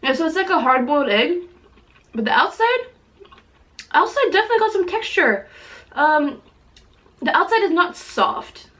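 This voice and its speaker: A woman hosting a casual food vlog at home, chatty and excitable as she eats and describes each dish, teary from spicy food. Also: very high-pitched, moderate pace, long pauses. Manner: chatty, excitable, exclaims often. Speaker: mukbang host.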